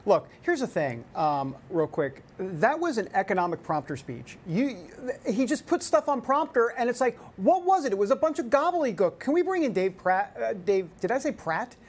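A man's voice: high-pitched, very animated, moderate pace, hardly any pauses. A man hosting a talk show, giving casual political commentary in a rambling way. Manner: rambling, with many restarts and fillers.

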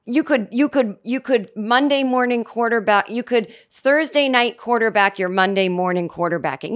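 On her solo comedy podcast, a middle-aged woman talks into a studio microphone at a moderate pace with hardly any pauses. Her voice leans high, and her rambling, sarcastic delivery is peppered with self-mocking remarks.

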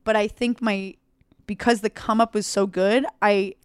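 A young woman comedian, appearing as a guest, tells a story in casual talk, animated and acting out the voices in it. Her mid-range voice is clear and resonant, her pace measured, with no echo.

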